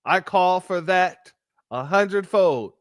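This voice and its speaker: A man's voice: high voice, animated, takes it slowly, no echo, clean studio sound. A man hosting a commentary show, speaking indignantly and calling his listeners family. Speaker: host.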